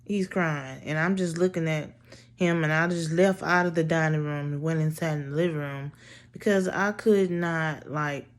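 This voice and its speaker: A woman's voice: deep voice, steady tone, normal speed. A woman casually telling a personal story in a blunt, profane, exasperated way.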